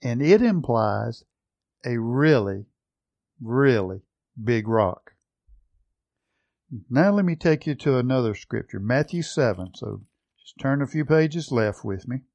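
A man's voice: mid-range voice, lively intonation, creaky, a little mellow, dry recording, dull audio. A man preaching a sermon, teaching earnestly from the Bible and leaning hard on key words. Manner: earnest, emphatic Bible teaching with slow stressed phrases.

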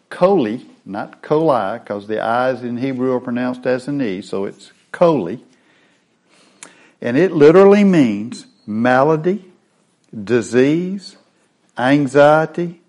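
A man's voice: medium pitch, darkish tone. A man teaching a Bible lesson in a sermon style, explaining word meanings step by step.

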